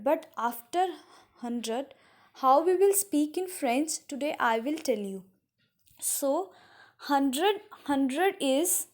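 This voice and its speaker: A young woman teacher with an Indian English accent, explaining a language lesson slowly, repeating words and pausing with fillers. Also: sits high. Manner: slow, repetitive teaching with frequent uh fillers. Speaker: French teacher. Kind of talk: classroom lesson.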